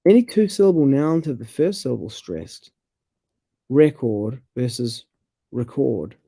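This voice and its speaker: A man's voice: on the high side, big pitch swings, a little fast, dark tone, no room sound. A man co-hosting a study show, chatting about word stress, reading explanations aloud and reacting with surprise. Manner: curious, exclaims in surprise, reads explanations aloud. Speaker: co-host of a scripture study show. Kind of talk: casual chat about pronunciation.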